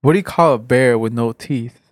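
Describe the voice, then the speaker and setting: A man's voice: mid-range voice, normal speed. A man co-hosting a podcast, telling dad jokes in a casual, playful way and laughing often. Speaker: podcast co-host.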